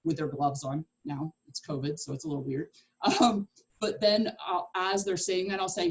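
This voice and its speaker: A woman leads a real estate sales class with a slightly low voice. She talks in a chatty, hands-on way, acting out the lines she says to clients. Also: little pitch movement, moderate pace, vocal fry, low-quality recording. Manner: chatty, acts out client conversations. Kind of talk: teaching a class.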